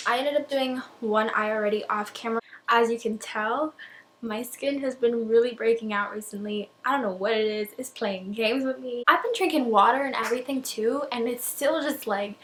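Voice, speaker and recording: A woman's voice: a little high, a bit bright, a little hiss or hum, low-quality recording. A young woman talking through a makeup tutorial in a chatty, rambling, self-deprecating way, a little out of breath. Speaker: beauty vlogger.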